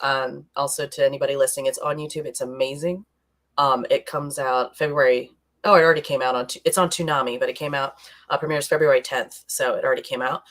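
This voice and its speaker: A woman's voice: a bass voice, steady tone, fast talker, a bit bright. A woman co-hosting a podcast in casual, rambling chat, laughing often as she talks. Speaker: podcast co-host. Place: streaming live.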